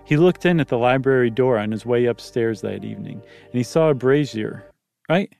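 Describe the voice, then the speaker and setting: A man's voice: medium pitch, lively intonation, brisk, creaky, darkish tone, soft background music. A man reading a ghost story aloud, stopping now and then for joking comments. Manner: reads plainly, breaks off to joke and comment. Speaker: story reader. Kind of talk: casual storytelling with banter.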